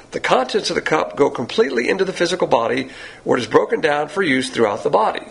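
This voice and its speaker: A man gives a sermon-style Bible lesson with a blunt, lecturing manner. His voice has a gravelly edge and swings widely in pitch. It sits a little higher than most men's. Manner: blunt, lecturing, uses a board. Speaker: Bible teacher.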